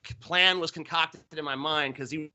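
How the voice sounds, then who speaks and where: A man tells a story on a podcast over a remote call, swearing freely and fighting back laughter. His voice sits somewhat high and sounds very bright and forceful. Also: fairly even intonation, moderate pace. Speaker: podcast co-host. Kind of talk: casual storytelling. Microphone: remote call that drops out.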